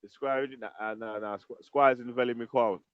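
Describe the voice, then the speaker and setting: A man's voice: mid-range voice, fairly even intonation, normal speed, clear, resonant tone, no echo, dull audio. A man calling into a live stream, boastful and playful, full of slang. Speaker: stream guest. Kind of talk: casual banter on a live stream call.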